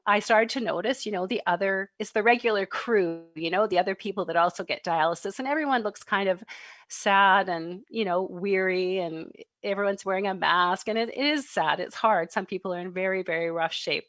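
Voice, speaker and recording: Middle-aged woman, storytelling presenter, animated, dry close sound. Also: mid-range voice, moderate pace, no echo. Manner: animated, laughs and acts out quoted voices. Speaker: parenting workshop presenter. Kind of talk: warm storytelling talk to an online audience. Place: home, online livestream. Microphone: computer mic on a video stream.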